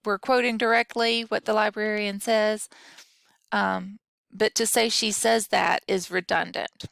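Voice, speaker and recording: Slow, gravelly-voiced woman teaching grammar. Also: mid-range voice, steady tone, fairly bright tone, no echo, clean studio sound. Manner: patient, explanatory, talks through examples aloud. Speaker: instructor. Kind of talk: recorded grammar lesson.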